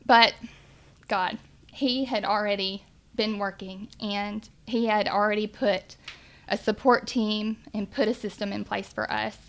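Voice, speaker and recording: Speaking a little slowly in a steady, slightly bright mid-range voice, a woman recounts her family's testimony of faith. As a mother telling her story, she sounds earnest, emotional and full of belief.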